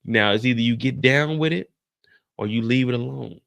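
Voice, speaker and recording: A man's voice: mid-range voice, normal speed, gravelly, fairly bright tone. A man hosting a casual TV episode recap, telling it in a brash, profane style with personal asides. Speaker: TV recap host.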